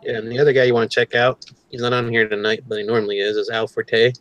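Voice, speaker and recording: Man, show host, mid pitch, laid-back, joking, casual stream talk. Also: flat delivery, fast, a bit bright, no echo, lo-fi sound. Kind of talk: casual live-stream chat.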